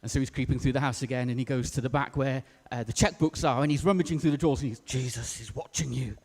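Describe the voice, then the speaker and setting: Preacher in an echoey church. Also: male voice, medium pitch, steady tone, racing, a little mellow. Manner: casual, self-deprecating, with fillers. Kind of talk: sermon.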